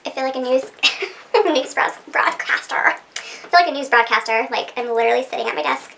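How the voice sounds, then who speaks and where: A high-sitting, gravelly female voice, pushed and bright, comes a little fast over slight background noise. She's a vlogger at her home desk under lights, chatting casually to camera, rambling and giggling at her own expense, with roomy, distant sound.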